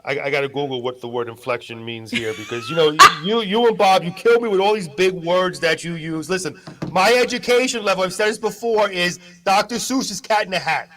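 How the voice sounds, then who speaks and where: A man's voice: sits high, wildly swooping pitch, a little fast. A man doing the news on a live local morning show, bantering in a jokey, self-deprecating way. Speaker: news presenter.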